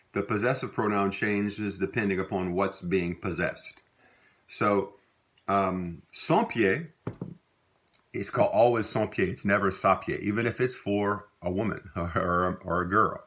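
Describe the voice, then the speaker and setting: Middle-aged Louisiana man, very low voice, relaxed teacher, rambling with fillers. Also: unhurried. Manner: relaxed, rambling, with many fillers and self-corrections. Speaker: language teacher. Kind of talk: casual spoken lesson.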